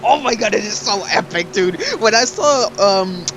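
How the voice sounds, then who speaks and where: Excitable young man rambling over gameplay. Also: sits high, normal speed, faint music behind. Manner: excitable, rambling, swears, lots of fillers. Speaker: let's play host. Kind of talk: casual gaming chat.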